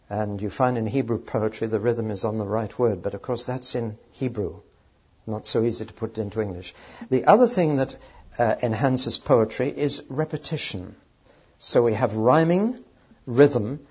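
A man with a husky, slightly breathy voice teaches in an emphatic, explanatory way, leaning on the words that matter. The recording is dull and lo-fi, with the top end rolled off. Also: mid-range voice, darkish tone. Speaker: Bible teacher. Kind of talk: teaching talk on poetry.

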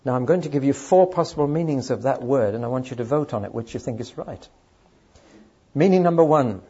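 A man's voice: medium pitch, expressive, fairly quick, warm tone, breathy edge, highs cut off. A man preaching a sermon to a live audience, emphatic and speaking straight to the listeners. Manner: emphatic, addresses audience directly.

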